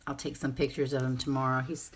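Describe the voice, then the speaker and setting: A woman's voice: a bass voice, little pitch movement, fast, breathy edge. A woman giving a casual live makeup tutorial, chatty and rambling as she answers viewer comments. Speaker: makeup seller and presenter.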